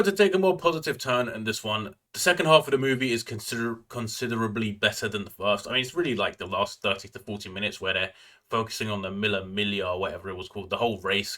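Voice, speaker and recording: A man's voice: lowish voice, sharp tone. A man giving a casual, opinionated movie review, ranting, with constant fillers and slangy asides. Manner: ranting, filler-heavy, frequent "like" and "bro".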